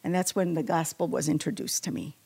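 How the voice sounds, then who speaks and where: A woman's voice: low-pitched, a little fast, creaky, breathy edge. A woman giving a personal faith testimony, telling her story with feeling and acting out quotes. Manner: emotional, animated storytelling with acted quotes. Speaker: testimony speaker.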